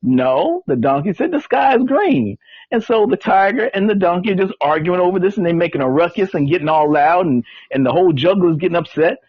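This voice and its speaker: Man, folksy storyteller, high voice, dry dull sound. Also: quick pace, few pauses, husky, dry recording. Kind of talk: casual storytelling chat.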